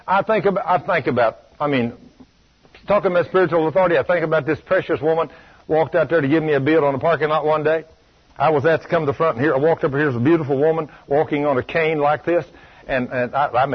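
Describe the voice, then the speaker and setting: A man preaching a sermon, telling a story in a folksy, emphatic way that swings between loud bursts and low asides. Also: slightly rough. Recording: dull lo-fi radio recording.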